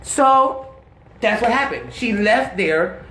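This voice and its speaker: A woman telling candid stories in an interview, blunt, slangy and animated, laughing often. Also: a little high, slow pace, roomy sound, rough recording.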